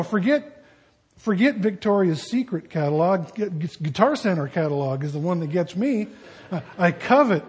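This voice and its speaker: Male pastor with a high-pitched, husky voice, conversational sermon style with jokes. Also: a little mellow. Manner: conversational, joking asides.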